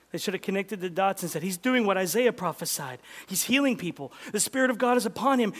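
A man preaching a sermon as pastor, swinging from loud, emphatic lines to hushed near-whispers. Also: fairly high pitch.

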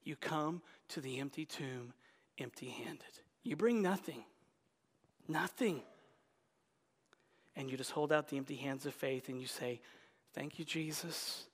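Male pastor, slow deliberate delivery, emphatic, drops to whispers, long hall reverb. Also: mid-range voice. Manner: emphatic, swings from loud exclamations to hushed whispers. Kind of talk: Easter sermon.

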